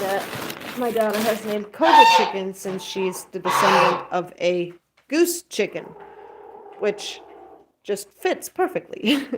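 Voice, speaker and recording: A woman in her thirties with a mid-range voice chats casually outdoors by a backyard coop while putting her birds to bed, with background noise around her. A pet goose vlogger, she rambles through her evening chores and stops to coo bedtime words at the birds.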